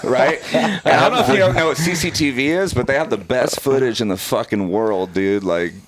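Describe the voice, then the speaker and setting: A man's voice: medium pitch, fairly quick, a little hiss or hum. A man, a former pararescue operator, telling a wild story as a podcast guest, swearing freely and laughing as he goes. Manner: profane, animated, laughs through the telling. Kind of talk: casual storytelling.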